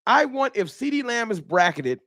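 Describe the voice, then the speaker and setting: A man's voice: extremely high pitch, moderate pace, no room sound. A man hosting a casual fan talk livestream, emphatic and slangy, repeating himself as he argues his points into a close mic. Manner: animated, emphatic, repetitive, slangy. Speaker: host.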